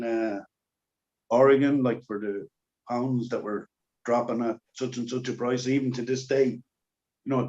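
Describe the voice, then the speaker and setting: A man's voice: mid-range voice, a little mellow. Rambling man on dull lo-fi audio. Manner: rambling, many fillers. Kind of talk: casual podcast chat.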